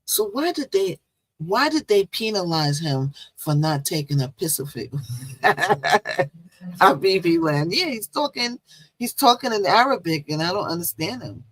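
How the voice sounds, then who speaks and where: Female livestream host, casual gossip, teasing, jumps high and loud without warning, dry close sound. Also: expressive, unhurried, dry recording, rough recording. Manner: chatty, repetitive. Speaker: live-stream show host. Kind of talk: casual live-stream gossip talk.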